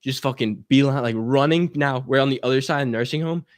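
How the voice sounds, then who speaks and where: A man's voice: mid-range voice, fast talker, no echo, studio quality. Young man telling a wild story. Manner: animated, swearing, acts out voices of people in his story. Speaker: guest. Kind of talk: casual storytelling.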